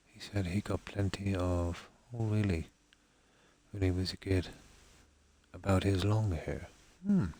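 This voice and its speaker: Irish Midlands man, low voice, laid-back rambling streamer chat. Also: steady tone, unhurried, dark tone, dry recording. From Ireland. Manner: rambling, many fillers and "let's say". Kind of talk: casual chat with viewers while gaming.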